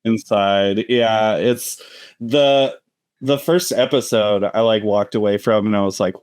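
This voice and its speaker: A man's voice: lowish voice, steady tone, a little slow, a little mellow, smooth, no room sound, clean studio sound. Rambling, jokey man co-hosting a podcast. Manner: rambling, jokey rants with fillers. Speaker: podcast co-host. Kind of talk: casual chat.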